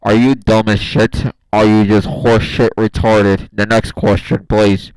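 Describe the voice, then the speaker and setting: A man voicing a gruff, deep-voiced reader of questions, blunt and insulting in a mock-serious way. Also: level tone, unhurried, darkish tone, dry recording, rough recording.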